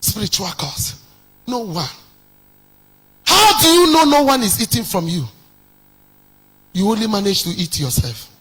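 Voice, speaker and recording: A man preaching a sermon, firing off rhetorical questions and rising into shouted decrees. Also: sits high, big pitch swings, a little slow, pauses often, husky. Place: church.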